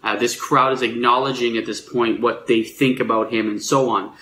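A man's voice: medium pitch, fairly even intonation, normal speed, sharp tone, a little hiss or hum. Man preaching conversationally in an echoey room. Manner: conversational, explanatory, with frequent fillers and restarts. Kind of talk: sermon.

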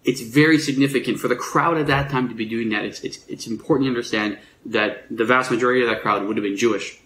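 A man giving a sermon in a relaxed, explanatory way, with frequent fillers and restarts. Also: medium pitch, fast, echoey room, slight background noise, low-quality recording. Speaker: preacher.

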